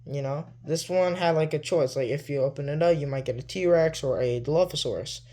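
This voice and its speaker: A man's voice: fairly high pitch, a little fast, mellow. A man showing off his toy collection in a loose, rambling way, with plenty of "like" and "you know". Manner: loose and easygoing. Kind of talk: casual show-and-tell.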